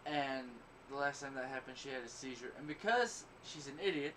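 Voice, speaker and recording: A man's voice: mid-range voice, a little fast, fairly bright tone. A man hosting a crude, casual podcast chat, telling blunt, profane, boastful stories. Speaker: podcast host. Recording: distant mic, noisy background.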